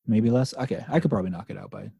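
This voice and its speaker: Husky mellow-voiced man chatting animatedly. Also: lowish voice, rapid-fire, no room sound. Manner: animated, swearing, trailing restarts. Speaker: podcast co-host. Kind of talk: casual chat about comics.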